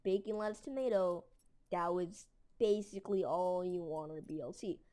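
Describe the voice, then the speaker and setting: A woman's voice: fairly low pitch, normal speed, warm tone. A woman telling a story casually, rambling with lots of fillers and mild slang. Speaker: storytelling video creator.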